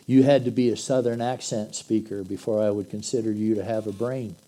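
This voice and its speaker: A man's voice: on the low side, steady tone, brisk, dark tone, poor audio. A man preaching an earnest, conversational sermon that swells into emphatic bursts. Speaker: pastor.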